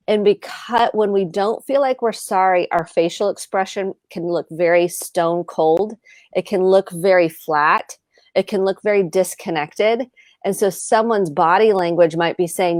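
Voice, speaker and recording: On a live show, a middle-aged American therapist offers earnest advice in a lowish, darkish voice at a moderate pace, with no echo and studio-quality sound. She tends to list words and act out little example dialogues.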